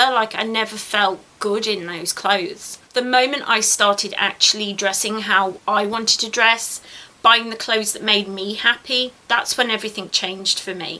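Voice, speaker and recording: A woman's voice: mid-range voice, bright, forceful tone. A tired woman vlogger talking to camera, giving earnest, encouraging self-help advice and repeating words for stress. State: tired, yawning.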